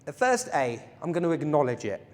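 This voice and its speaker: A man's voice: on the high side, big pitch swings, fairly quick. A man teaching a self-defense workshop, playful and jokey, often asking the audience questions. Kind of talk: live workshop lecture to a group. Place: large hall with an audience. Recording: echoey hall.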